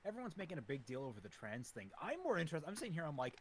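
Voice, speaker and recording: A man chatting casually as a podcast co-host, rambling through his thoughts with plenty of fillers. His pitch swings widely as he gets worked up. A faint hiss of noise sits behind him. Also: very fast, hardly any pauses. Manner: rambling, animated, lots of fillers. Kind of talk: casual chat.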